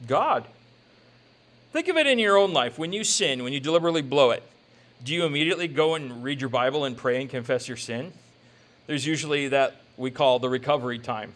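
A man preaching a sermon in a conversational, joking way, slipping into quick quoted asides. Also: medium pitch, animated, a bit bright. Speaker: pastor.

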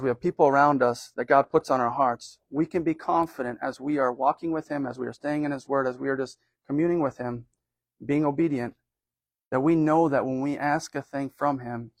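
A man preaches an informal sermon, thinking aloud with plenty of fillers and self-corrections. His voice sits in an ordinary middle pitch. The sound is dry, with little room echo. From United States. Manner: conversational, rambling with many fillers and restarts.

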